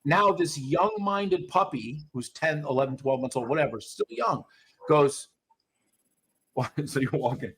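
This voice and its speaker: Male dog trainer, podcast regular; blunt and profane, husky timbre. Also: a little high, normal speed. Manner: blunt, swears freely. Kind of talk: casual coaching chat.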